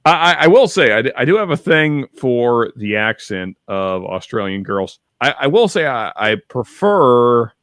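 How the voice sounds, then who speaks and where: Man, casual podcast chat, mid-pitched voice, halting and rambling, stacks of fillers and restarts, dry close-miked sound. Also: very animated, a bit bright, dry recording. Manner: reads viewer chat aloud. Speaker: podcast co-host.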